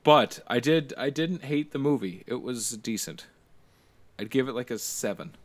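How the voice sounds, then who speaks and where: A man's voice: mid-range voice, expressive, moderate pace. A man co-hosting a casual chat show, rambling with frequent fillers and casual swearing. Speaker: podcast co-host.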